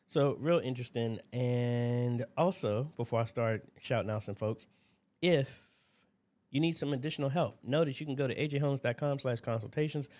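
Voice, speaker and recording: Man, livestream host, casual Q&A, chatty, rambling, desk mic, mid-pitched. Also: darkish tone. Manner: rambling, chatty, greets viewers by name. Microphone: desk mic at a computer.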